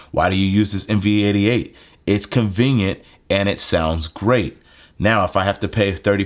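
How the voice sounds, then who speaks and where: Deep-voiced man giving a casual tech tutorial. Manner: relaxed, conversational, lots of fillers. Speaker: tech video creator. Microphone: handheld phone mic.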